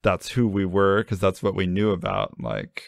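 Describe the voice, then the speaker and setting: A man's voice: deep voice, sing-song, moderate pace, creaky, no echo, studio quality. A young adult man co-hosting a podcast, chatting casually and joking in a rambling, self-deprecating way. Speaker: podcast co-host.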